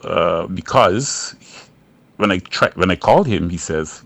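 A man, a songwriter guest, talking slowly from home on a call, with many pauses and fillers. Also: sits low, animated, creaky, fairly bright tone. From Guyana. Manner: slow, halting, many fillers. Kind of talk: remote interview. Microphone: phone or video call from home.

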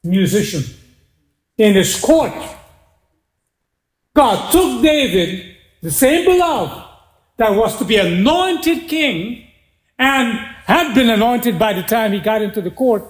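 A man delivers a sermon in a strikingly high voice, taking his time over each phrase. He tells the story with lively back-and-forth, acting out what the characters say. The sound rings around a roomy hall. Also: takes it slowly, long pauses. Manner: animated storytelling, voicing biblical figures in dialogue. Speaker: preacher.

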